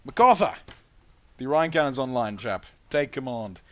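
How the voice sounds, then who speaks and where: A man voicing a gruff male military commander who barks clipped orders. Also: mid-range voice, sing-song, moderate pace, natural voice. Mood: commanding. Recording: dull lo-fi mic.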